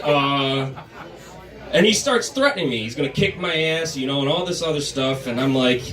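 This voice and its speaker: Young male comedian telling a story in an echoey club. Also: fairly high pitch. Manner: conversational, deadpan storytelling with filler pauses. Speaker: stand-up comedian. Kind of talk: stand-up storytelling. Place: comedy club stage before a live crowd. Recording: echoey room, mic from a distance, crowd audible.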